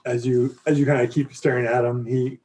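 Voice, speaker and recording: A man running a tabletop game, narrating the scene in an easygoing way. He pauses often with uh and um as he sets up what happens next, with a pitch that is neither high nor low. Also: recorded from a distance. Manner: relaxed narration with frequent uh and um. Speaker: game master.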